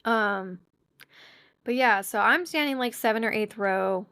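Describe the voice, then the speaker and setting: Woman, young adult, podcast host, casual monologue, animated, fairly high voice. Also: a little slow, clear, resonant tone. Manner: chatty and animated, acts out quotes in a squeaky voice.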